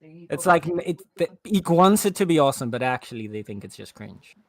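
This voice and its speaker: A speaker with a South African accent and Afrikaans background, chatting excitably and laughing on a gaming stream. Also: medium pitch, a little fast. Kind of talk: casual chat.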